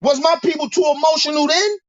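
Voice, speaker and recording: A man's voice: very high voice, quick pace, no room sound, highs cut off. A man delivering a heated, profane monologue rant, preaching and repeating himself as he builds his points. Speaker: commentator.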